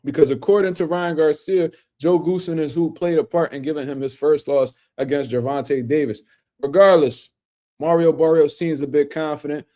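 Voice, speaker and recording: A man's voice: fairly high pitch, fairly even intonation, moderate pace, dark tone. A man hosting a casual boxing livestream, talking loosely in slang and speaking to viewers in the chat.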